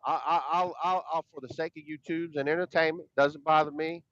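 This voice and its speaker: A man's voice: on the high side, steady tone, fairly quick, a bit bright, no echo. A man, co-hosting a podcast in casual, rambling chat, emphatic and profane, often repeating his words. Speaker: podcast co-host. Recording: dull, dry lo-fi sound.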